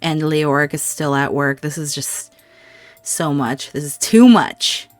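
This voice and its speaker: A woman's voice: fairly low pitch, dry recording. A woman giving casual gameplay commentary, reacting emotionally and talking aloud to the characters on screen. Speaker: gameplay video host.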